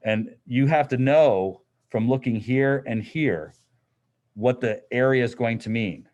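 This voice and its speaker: A man's voice: mid-range voice, unhurried, darkish tone, dull audio. A middle-aged man teaching a physics class in a classroom, explaining in a casual, conversational way. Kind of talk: classroom lecture.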